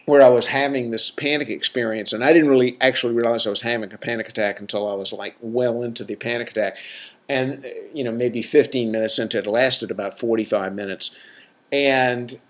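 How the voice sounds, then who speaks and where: A man's voice: medium pitch, fairly even intonation, brisk. A middle-aged man, a clinician, talking casually for a podcast, rambling with many fillers and self-corrections, frank and jokey.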